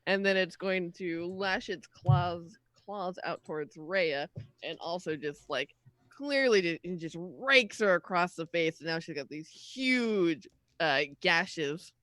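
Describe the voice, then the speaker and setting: A woman's voice: fairly low pitch, lively intonation, slow, fairly bright tone, no echo. A woman narrating a tabletop game as dungeon master, giggling often.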